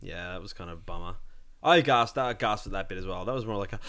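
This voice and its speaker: A man chatting casually about films, swearing freely and acting out his own excited reactions. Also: fairly low pitch, normal speed. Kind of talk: casual chat.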